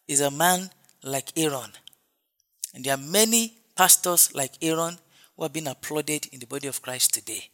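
A man preaching with a high voice and a bright, forceful tone. He drives his points home through repetition and exclamations, in a full sermon cadence. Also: expressive, normal speed. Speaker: pastor.

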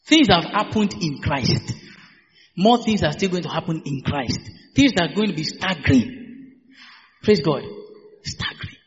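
A man's voice: on the high side, a little hiss or hum. A man preaching a sermon, exuberant, laughing often and repeating hallelujahs and phrases. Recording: echoey hall, dull lo-fi sound.

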